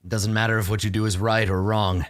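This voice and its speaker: A man voicing a weary, bitter ancient male vampire, speaking slowly and gravely. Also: lowish voice, little pitch movement, no room sound, studio quality, voice pushed down, close to an everyday voice. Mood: brooding. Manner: grave, slow and brooding.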